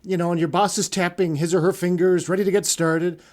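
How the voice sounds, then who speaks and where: A man co-hosting a podcast, talking with eager enthusiasm in a voice set a little high. He rambles through his thoughts, restarting sentences and leaning on easy fillers in a relaxed chat. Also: fairly quick. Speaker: podcast co-host.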